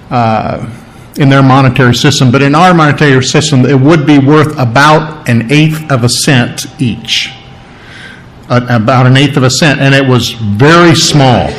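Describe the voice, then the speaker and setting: A man's voice: medium pitch, fairly bright tone, a little hiss or hum, poor audio. A man preaching a conversational sermon, chatty, checking in with his listeners and imitating sounds.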